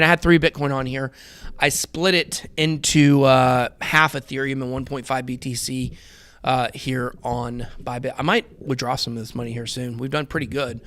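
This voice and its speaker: Man, 30s, casual chart commentary, rambling, talks to viewers, slightly high voice, dry close sound. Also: fairly bright tone, clear, resonant tone, no room sound. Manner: rambling, conversational, addresses viewers as guys. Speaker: crypto trading show host.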